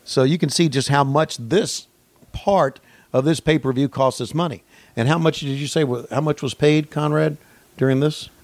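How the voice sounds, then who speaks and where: A podcast co-host with a gravelly, fry-edged voice riffs through a profane mock play-by-play at a moderate pace. He sinks into low mumbles, then leaps into excited yelling. The sound is close and dry, with little room and no echo.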